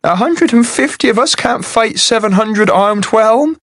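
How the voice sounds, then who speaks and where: A scrawny, big-nosed captive voiced by a man who squeals his fears in a thin, high, strained voice, far above his usual register. He sounds cornered and desperate, and his delivery is dry and close. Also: lively intonation, measured pace, fairly bright tone, dry recording, full character voice. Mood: fearful. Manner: high, panicky and pleading.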